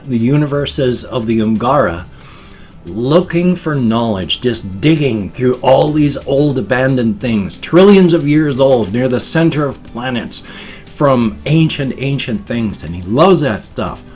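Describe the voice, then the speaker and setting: A man's voice: mid-range voice, a little mellow. A man in his fifties, vlogging in a rambling, playful way and dropping silly sound effects into his talk. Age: 50s. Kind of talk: casual vlog monologue.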